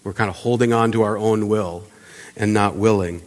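A pastor giving a sermon in a conversational way, asking the congregation rhetorical questions and acting out little everyday asides. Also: male voice, lowish voice, steady tone, moderate pace. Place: church sanctuary. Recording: long church reverb.

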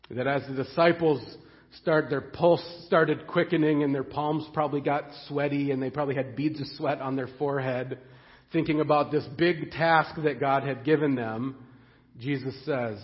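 A man preaching a sermon as pastor, earnest and excitable, often repeating the first words of a phrase as he goes. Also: a little high, normal speed, in a large hall, dull audio.

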